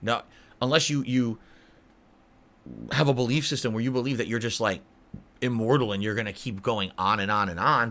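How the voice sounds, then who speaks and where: A man's voice: medium pitch, bright, forceful tone. A man in his early forties answering live chat on a stream, blunt and easily irritated, calling viewers idiots. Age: 40s.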